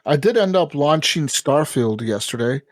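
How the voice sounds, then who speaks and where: Profane, animated man telling gaming stories. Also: on the high side, normal speed, no echo. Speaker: podcast co-host. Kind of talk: casual gaming podcast chat.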